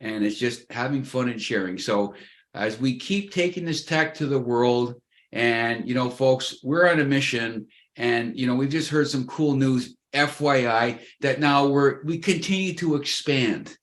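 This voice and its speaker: A man's voice: medium pitch, measured pace, fairly bright tone. A man in his fifties talking on a video call, enthusiastic and folksy and calling his listeners "folks.". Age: 50s. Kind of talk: casual chat.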